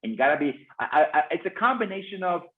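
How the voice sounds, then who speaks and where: A man guest expert talking fast and with passion in a webinar, repeating words and restarting sentences. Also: high voice, sing-song. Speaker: guest expert on phone sales teams. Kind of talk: fast enthusiastic webinar talk. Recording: tinny phone-like call audio.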